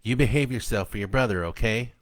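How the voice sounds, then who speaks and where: A level-headed mother in a spoken storybook, coaxing and kind, her lines lifted into a softer, higher voice, as a male narrator puts her on. It sounds dry and close to the mic. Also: brisk, dry recording, close to an everyday voice. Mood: gentle. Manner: soft, coaxing, kindly. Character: gentle, level-headed mother heading out for the night.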